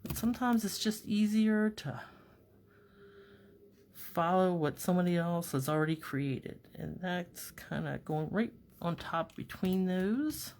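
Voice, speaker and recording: A woman calmly narrating a card-making tutorial step by step, talking herself through each task as she works at her craft table. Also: fairly low pitch, measured pace. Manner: calm, step-by-step, talks to herself while working. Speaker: papercraft demonstrator.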